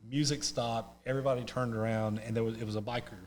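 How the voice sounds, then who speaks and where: A man's voice: medium pitch, fairly even intonation, fast. A man from North Carolina with a Southern American accent, a podcast guest who tells a rambling, self-mocking story with many restarts. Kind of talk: casual storytelling.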